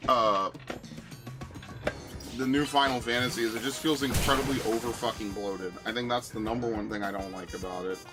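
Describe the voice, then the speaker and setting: A man's voice: medium pitch, steady tone, brisk. A man streaming games, chatting casually and ranting with a lot of swearing. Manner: profane, ranting, exasperated. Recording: music behind voice.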